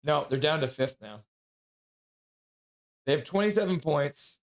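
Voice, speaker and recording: A young man hosting a live stream, casually chatting and reading viewer comments aloud with quick asides. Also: a little high, expressive. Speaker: livestream host reading chat. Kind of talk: casual live reaction chat.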